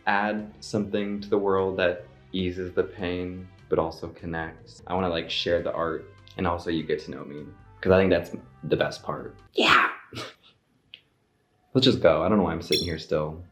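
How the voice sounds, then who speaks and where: A man's voice: sits low, steady tone, moderate pace, fairly bright tone. A young man chatting casually to camera as a vlogger, rambling with lots of fillers. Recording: echoey room with faint music.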